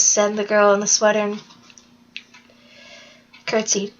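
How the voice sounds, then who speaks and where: A woman narrating a children's fantasy book aloud in a steady, plain storytelling read. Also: a little high, unhurried, pauses often. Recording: dull lo-fi recording.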